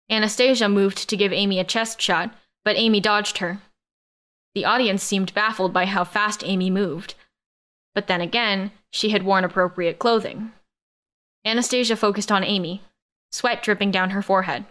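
A woman reads a novel aloud in the first person, keeping a steady storytelling pace. Her voice is smooth and crisp, at an ordinary middle pitch. The reading stays even and controlled from line to line. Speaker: audiobook narrator. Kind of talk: first-person audiobook narration.

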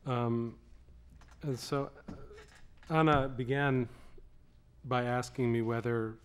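A man's voice: medium pitch, flat delivery. Man posing a long prepared question. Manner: measured, with frequent "um" pauses. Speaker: moderator. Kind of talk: prepared question at a public reading.

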